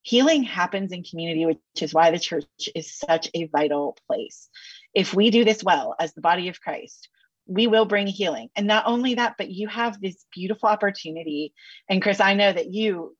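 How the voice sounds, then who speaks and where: A woman counselor talking on a podcast with sassy, animated asides and casual slang. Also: medium pitch, normal speed, slightly rough, dry recording, lo-fi sound. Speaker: counselor guest. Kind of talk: podcast interview.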